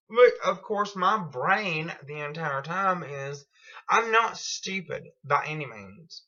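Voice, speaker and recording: Woman ranting at home, bright voice, swears a lot, kinda muffled lo-fi sound. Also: low voice, expressive, takes it slowly. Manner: profane, blunt, rambling storytelling. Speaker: vlogger. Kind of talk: casual storytelling vlog.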